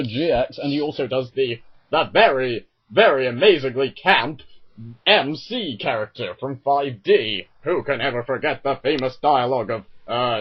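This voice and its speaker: Exasperated husky man ranting. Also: medium pitch. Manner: exasperated, sarcastic, frequently self-correcting. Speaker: YouTuber reviewing an anime dub. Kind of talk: ranting video commentary. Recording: dull lo-fi home mic.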